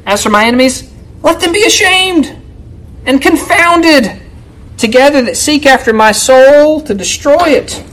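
A church elder preaches an expository sermon at a measured pace, emphatic and expressive, often checking in with his listeners with a "right?" He swings between raised pleading and low, quiet asides, and the audio quality is poor.

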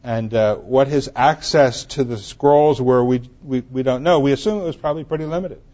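A man's voice: mid-range voice, moderate pace, darkish tone, highs cut off. A man preaching a conversational sermon, walking through scripture and telling personal anecdotes to his congregation.

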